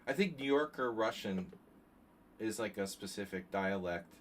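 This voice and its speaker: Chatty male chess streamer, low voice. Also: lively intonation, normal speed, a little hiss or hum. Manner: chatty, thinking aloud, jokey asides to chat. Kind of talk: casual live-stream commentary.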